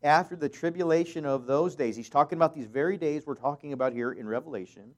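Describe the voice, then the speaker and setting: A man's voice: on the high side, fast. Man preaching a verse-by-verse sermon. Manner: reads scripture aloud with rising force, jokes lightly, many fillers. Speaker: pastor.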